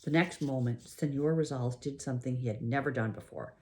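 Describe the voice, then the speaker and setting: A woman reading aloud, voicing a kindly middle-aged cafe owner who speaks gently and earnestly. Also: extremely low pitch, brisk, a little hiss or hum. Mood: worried.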